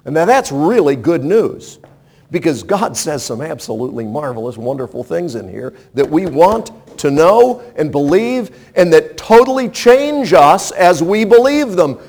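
A male pastor delivers a sermon with a high-pitched voice. He is emphatic and talks straight to his listeners, leaning on rhetorical questions. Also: very animated, measured pace, darkish tone.

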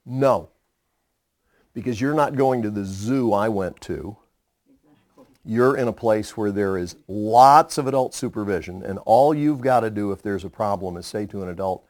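A man's voice: fairly low pitch, moderate pace, no echo. A male pastor telling stories in a sermon to young people, acting out the voices of the people he quotes. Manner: animated storyteller who acts out quoted voices.

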